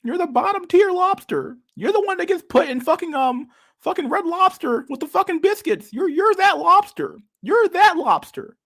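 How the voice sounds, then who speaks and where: A man's voice: extremely high pitch, lively intonation, normal speed, gravelly, a bit bright, pitched above the performer's own voice, exaggerated voice. A man doing an impression of a preachy, scolding older male lecturer, drawn out and mocking.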